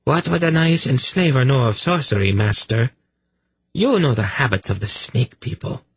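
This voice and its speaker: A male audiobook narrator voicing a fierce, proud woman priestess with a quick, spiteful, scornful delivery. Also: medium pitch, animated, a bit bright, breathy edge, no echo, voice pushed up. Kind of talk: audiobook character reading.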